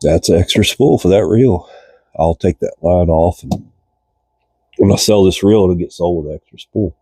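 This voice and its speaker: A man from the United States hosting a casual fishing reel repair tutorial in a cold garage, folksy and chatty, congested with a cold and often coughing and clearing his throat. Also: low-pitched, unhurried, dark tone, no echo. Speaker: reel repair channel host.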